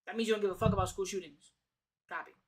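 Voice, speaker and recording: A woman's voice: medium pitch, fairly even intonation, rapid-fire, slightly rough. A woman from the Bronx, hosting a casual reaction stream, talking in a heated, slangy, profane way and repeating her phrases. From The Bronx, New York. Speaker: streamer host.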